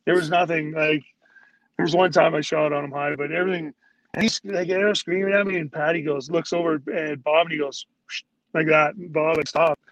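A man's voice: fairly high pitch, steady tone, a little fast, fairly bright tone, poor audio. A man who played pro hockey, a guest telling stories in a rambling way, full of "like"s and acted-out quotes of teammates. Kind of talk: casual storytelling.

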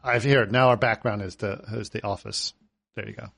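A man co-hosting a casual film-review podcast, recapping plot points in a relaxed, conversational way. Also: fairly low pitch, brisk, creaky, a little hiss or hum.

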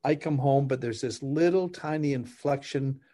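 A middle-aged man, a podcast guest who coaches couples, telling stories in lively conversation, laughing and acting out dialogue as he explains. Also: mid-range voice, normal speed. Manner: animated, laughs while explaining, acts out dialogue. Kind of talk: conversational storytelling.

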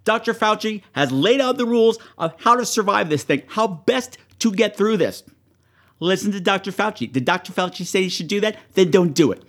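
A man's voice: high-pitched, lively intonation, moderate pace, fairly bright tone. A man hosting a horror movie show, talking casually and profanely to his viewers and shrieking in mock panic.

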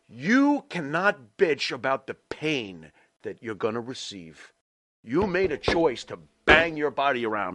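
Casting: blunt, foul-mouthed male co-host with a high, lively, bright voice, dry close sound. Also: no room sound. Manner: blunt, ranting, heavy swearing. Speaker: podcast co-host. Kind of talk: profane wrestling talk chat.

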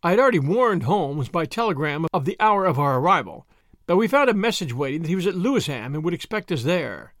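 A man giving a scripted audiobook narration in a measured storytelling delivery. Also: fairly high pitch, big pitch swings, a bit bright, dry recording, clean studio sound.

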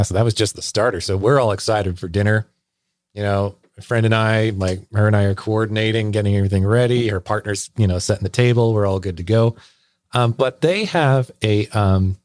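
A man with a lowish voice tells a rambling holiday story, laughing as he goes. The podcast mic is close and dry, with no room sound. His talk is loose and full of fillers. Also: a little mellow, dry recording. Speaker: podcast co-host. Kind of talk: casual storytelling chat.

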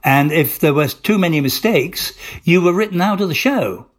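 A man's voice: fairly high pitch, animated, moderate pace. An older male actor being interviewed, telling long rambling stories with restarts and acted-out dialogue. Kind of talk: anecdotal interview storytelling.

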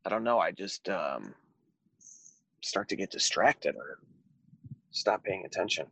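Lively, chatty American podcast host. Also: male voice, low voice, unhurried, vocal fry, breathy edge, dry recording. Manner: animated, laughs often, chatty and joking. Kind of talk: casual chat.

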